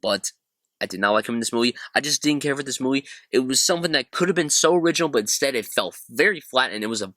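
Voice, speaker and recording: A man's voice: medium pitch, expressive, quick pace, a bit bright, no room sound. A man hosting a casual movie-review vlog, talking sarcastically and animatedly, with swearing, while squeezed into a cramped storage closet. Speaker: film reviewer, channel host.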